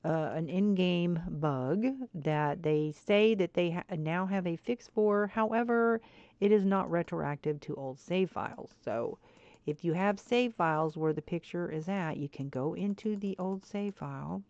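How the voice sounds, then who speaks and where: A woman streaming a game and chatting to viewers, swinging between frustrated muttering and excited squeals. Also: fairly low pitch, measured pace, dry recording. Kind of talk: casual gameplay chat. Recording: dull lo-fi stream audio.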